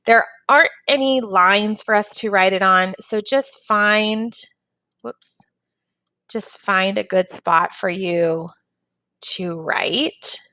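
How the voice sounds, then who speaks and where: A woman's voice: mid-range voice, slow pace, bright, forceful tone. A woman teacher patiently walking young students through a phonics and reading lesson, step by step.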